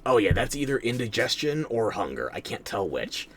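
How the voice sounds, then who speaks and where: A man's voice: fairly low pitch, big pitch swings, normal speed. A tired man streaming a video game, talking in a sardonic, theatrical way. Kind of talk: game commentary.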